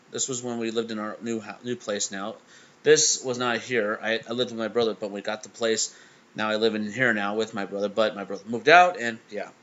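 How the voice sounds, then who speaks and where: A young man hosting a reaction video, telling a personal story in a halting way with stammering restarts. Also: medium pitch, fairly bright tone, lo-fi sound. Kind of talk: casual emotional storytelling.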